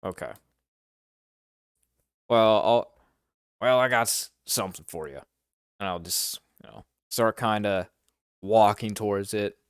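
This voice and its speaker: A man's voice: fairly low pitch, measured pace, pauses often, clean tone, no room sound, studio quality. A man playing a character in a tabletop game, casual and swearing freely. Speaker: player.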